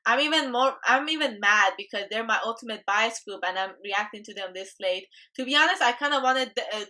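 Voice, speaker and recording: A woman's voice: on the high side, fairly quick, pushed and bright. A young woman reacting to a music video as a YouTube host, chatty and gushing with emotion.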